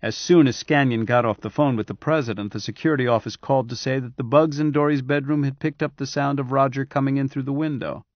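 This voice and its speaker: A man reading a science fiction novel aloud in steady, measured scripted narration. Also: medium pitch, no room sound, highs cut off. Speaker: audiobook narrator.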